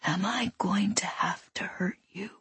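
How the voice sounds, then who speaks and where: A woman voicing a menacing masked male intruder in a whispered role-play, with soft, calm, coldly courteous threats. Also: high voice, measured pace, gravelly, husky, dry recording, exaggerated voice.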